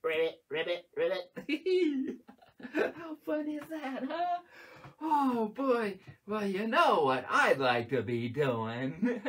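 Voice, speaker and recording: A man's voice: very high voice, very animated, drawn-out words, fairly bright tone, husky. A man hosting a live children's show, playfully doing magic tricks, gasping and singing for kids.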